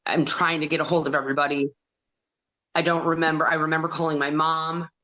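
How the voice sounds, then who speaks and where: A woman guest on an interview podcast, retelling a painful memory in an earnest, halting way and acting out other people's words as she goes. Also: sits low, flat delivery, sharp tone. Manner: acts out others' words in quoted dialogue. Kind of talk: personal storytelling in an interview.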